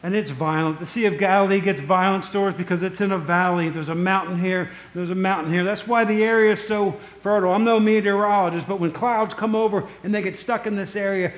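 Animated high-voiced male preacher. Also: brisk, few pauses. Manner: conversational, digressive, animated storytelling with asides to the congregation. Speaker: pastor. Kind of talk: sermon. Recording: echoey room.

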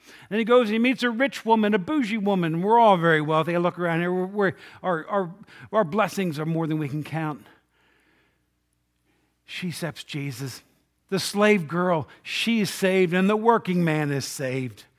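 A man's voice: high voice, moderate pace. Man preaching with rising questions. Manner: conversational preaching, rhetorical questions, swings from loud to hushed. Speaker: pastor. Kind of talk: sermon. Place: church sanctuary.

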